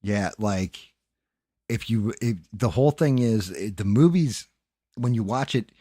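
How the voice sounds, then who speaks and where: A man's voice: fairly low pitch, expressive, measured pace, mellow, no room sound, clean studio sound. A man hosting a late-night livestream, chatting loosely with frequent swearing and thanking viewers by name. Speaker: livestream host.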